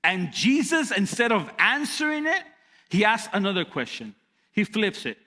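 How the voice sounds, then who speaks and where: Man, pastor, sermon, lively swooping pitch, repeats for emphasis, long church-hall reverb. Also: normal speed. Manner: animated, repeats lines for emphasis.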